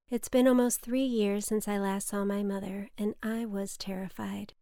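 A young woman narrating a personal essay in a wry, deadpan way. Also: medium pitch, moderate pace, hardly any pauses, dry recording, clean studio sound. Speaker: storyteller.

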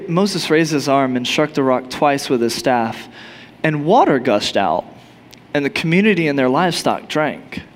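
A male pastor preaching a sermon in an animated, storytelling manner. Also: on the high side. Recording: long hall reverb.

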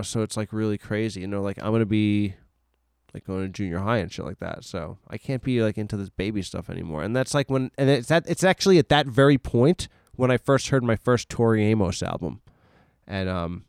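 A man's voice: mid-range voice, clear, resonant tone, no echo, studio quality. A man hosting a podcast alone in a room, talking in a rambling, self-mocking way with lots of filler words. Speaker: solo podcast host. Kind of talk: rambling casual monologue.

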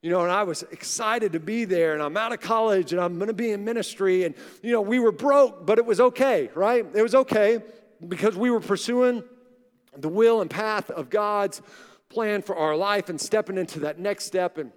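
A male pastor in his forties delivers a sermon as relaxed storytelling and acts out the people he quotes. His voice sits fairly high for a man. The live recording carries the long reverb of a large church auditorium. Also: normal speed. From Oklahoma.

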